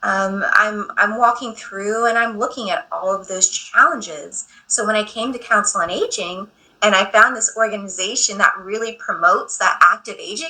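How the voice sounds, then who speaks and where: A woman in her thirties speaking as a guest on a radio interview show, candid and quick to laugh at herself. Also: mid-range voice, pushed and bright, poor audio.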